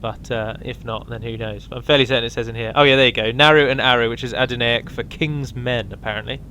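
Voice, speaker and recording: Bright-voiced man talking through a game. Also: mid-range voice, steady tone, fast talker, a little hiss or hum. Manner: rambling, with frequent ums and restarts. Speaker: game mod presenter. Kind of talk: casual game walkthrough commentary.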